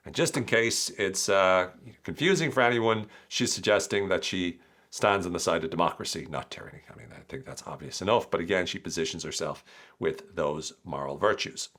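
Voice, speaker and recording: A man's voice: low voice, fairly quick, fairly bright tone. Irish man breaking down political speeches. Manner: explanatory, reads quotes aloud then breaks them down. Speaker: podcast host. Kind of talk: analytical commentary.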